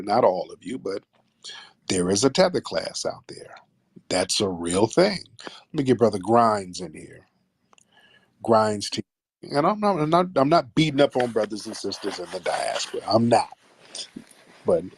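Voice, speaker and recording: A man's voice: on the low side, lively intonation, moderate pace, breathy edge, no echo. A man hosting a call-in livestream. He talks in a combative, profane and emphatic way. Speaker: talk show host.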